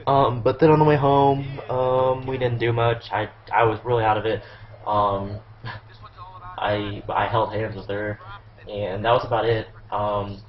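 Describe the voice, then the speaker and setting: A man's voice: fairly low pitch, little pitch movement, unhurried. A teenage boy doing casual gameplay commentary, rambling with lots of ums and likes and heavy swearing. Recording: roomy, muffled lo-fi sound with faint hiss.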